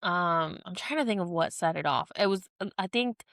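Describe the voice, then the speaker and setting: Woman in her thirties, casual podcast chat, gravelly voice, dry close sound. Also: fairly low pitch, moderate pace, no room sound. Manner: animated storytelling with swearing and acted-out quotes. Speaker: podcast co-host.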